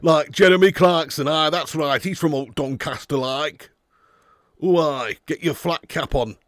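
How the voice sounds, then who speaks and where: A man putting on a broad Yorkshire accent as a loud, gleeful northern football pundit. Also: on the high side, a little slow, no echo, studio quality, lightly acted. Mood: jolly. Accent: Yorkshire (put on). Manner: exaggerated broad northern drawl, shouty. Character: gruff northern English male football pundit, boozy pub type.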